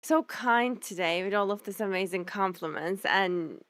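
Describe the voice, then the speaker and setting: A woman's voice: mid-range voice, moderate pace, a bit bright, dry recording. A young woman streamer greeting her chat in a bubbly, effusive way, laughing often and thanking viewers before a game stream.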